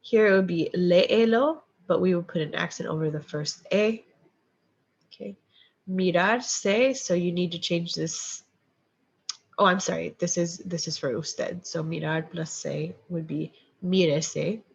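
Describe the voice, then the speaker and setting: Slow, gravelly woman teaching Spanish. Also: on the low side. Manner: patient, step-by-step explaining with frequent "okay" and "um". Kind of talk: recorded lecture with slides. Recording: dull lo-fi recording.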